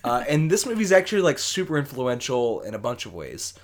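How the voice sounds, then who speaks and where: A young man co-hosting a movie podcast, talking in a relaxed, rambling way full of fillers. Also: medium pitch, brisk. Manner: relaxed, rambling, lots of fillers, easy laughs. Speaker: podcast co-host. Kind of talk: casual movie podcast chat.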